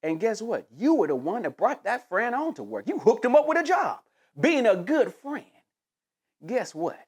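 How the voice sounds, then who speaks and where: A man rants to camera in loose, slangy talk, mocking and emphatic. His pitch swings up and down all the time, and he hits his points hard. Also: very animated, moderate pace, slightly rough. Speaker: commentator. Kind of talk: casual rant to camera.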